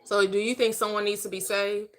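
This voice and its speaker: A woman's voice: mid-range voice, flat delivery, brisk, a bit bright. A woman hosting a casual online panel chat, blunt, teasing and preachy. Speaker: host.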